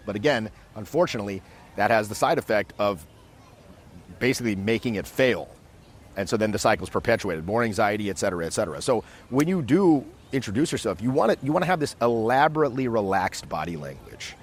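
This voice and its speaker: A man teaching social skills in a casual, animated way, acting out quick scenes as he explains. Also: on the low side, a little hiss or hum. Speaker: dating coach. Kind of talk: casual instructional talk. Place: outdoors in a city.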